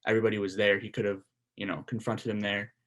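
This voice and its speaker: A man co-hosting a podcast in a casual chat, talking in a measured way and checking facts with questions. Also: lowish voice, level tone, fairly bright tone. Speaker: podcast co-host.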